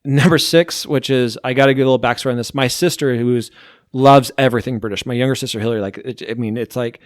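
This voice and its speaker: Speaking fast at a medium pitch with fairly even intonation, a podcast host rambles through his TV show rankings in a casual chat, leaning heavily on "like." The recording is dry and studio-clean.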